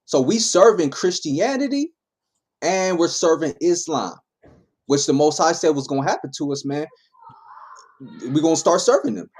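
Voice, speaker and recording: A man teaches a scripture class in a loose, talky style, with a voice of ordinary male pitch. He reads a verse, then unpacks it casually and keeps asking "right?" to pull his listeners along. He talks like he is chatting with friends rather than preaching from a pulpit. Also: darkish tone. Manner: conversational, tags lines with "man" and "right?".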